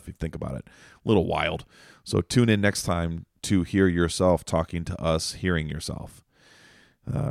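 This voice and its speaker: A man's voice: rumbling low, vocal fry, no room sound, clean studio sound. A man hosting a podcast, giving a casual update in a rambling, jokey way that keeps wandering off on tangents. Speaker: podcast host.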